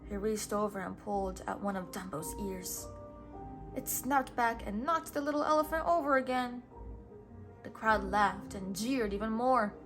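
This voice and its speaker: A woman gently reads a children's storybook aloud at a measured pace, her voice on the higher side, with soft music playing beneath her.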